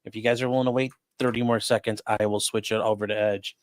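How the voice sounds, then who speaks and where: A man co-hosting a livestream who casually comments on a trial and talks in quick bursts with fillers. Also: lowish voice, little pitch movement, dry recording. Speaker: defense attorney co-host.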